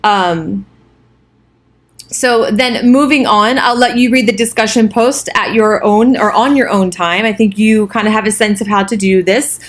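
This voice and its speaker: A woman's voice: mid-range voice, unhurried. A woman teaching a college English course, giving a casual recorded overview of the week with chatty asides and fillers.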